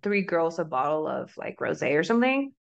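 A woman's voice: deep voice, brisk, gravelly, clear, resonant tone, highs cut off. A woman co-hosting a podcast, telling a story in casual chat, laughing often and acting out what people said. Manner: animated, acts out quotes, laughs often. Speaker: podcast co-host. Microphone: podcast microphone.

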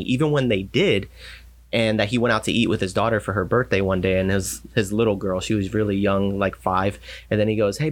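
Low-voiced man, pastor telling stories. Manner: storytelling, acts out quoted voices. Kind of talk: casual faith talk.

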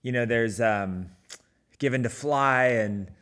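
A middle-aged man casually tells a personal running story in a conversational way, with lots of fillers and restarts. His mid-range voice is slow-paced, a bit bright, clear, and resonant.

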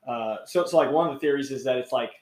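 A man co-hosting a podcast talks in a loose, rambling way, often restarting his thoughts. His voice sits at a middle pitch. The recording has a roomy echo. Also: quick pace, darkish tone. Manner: rambling, many restarts and fillers. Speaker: podcast co-host. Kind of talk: casual chat.

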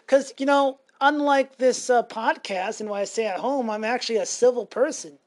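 A woman's voice: on the high side, normal speed, hardly any pauses, a little mellow. A woman from Montana co-hosting a casual podcast, rambling and joking crudely with plenty of swearing. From Montana, USA. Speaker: podcast co-host.

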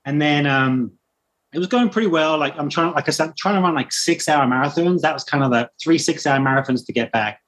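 A man with a British accent tells a long personal story in a relaxed, conversational way. He slips into the voices of the people he met as he goes, keeping the telling lively. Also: fairly high pitch, fairly quick, highs cut off, a little hiss or hum. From Britain. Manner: animated anecdote telling, acting out quoted voices. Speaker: guest runner. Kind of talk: casual storytelling.

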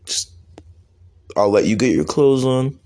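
A man's voice: medium pitch, animated, unhurried, darkish tone, pitched above the performer's own voice, lightly acted. A man voicing a hot-headed young male weed business owner who talks bluntly and stammers. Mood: flustered.

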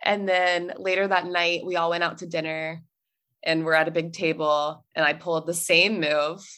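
Young woman guest, chatty storyteller, lower voice, filler-heavy and easy laughs. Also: little pitch movement, normal speed, fairly bright tone. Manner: chatty, lots of likes and ums, laughs easily. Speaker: podcast guest. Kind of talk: casual storytelling.

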